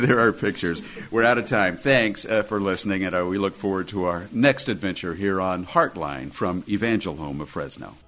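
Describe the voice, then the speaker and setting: A very deep-voiced man hosts a radio interview in a studio. He asks his questions haltingly and often restarts his sentences. His delivery is calm and conversational. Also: poor audio. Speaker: radio host.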